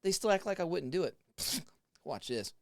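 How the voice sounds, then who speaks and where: Animated storytelling man in his forties. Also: fairly high pitch, normal speed, vocal fry, no echo, clean studio sound. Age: 40s. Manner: animated, laughing, acts out voices. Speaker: haunted house actor. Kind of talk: casual storytelling.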